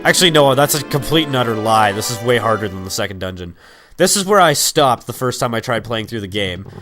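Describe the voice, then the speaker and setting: A man's voice: medium pitch, lively intonation, brisk, fairly bright tone. Young man rambling over game music. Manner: rambling, crude, full of fillers. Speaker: let's play commentator. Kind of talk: casual gameplay commentary.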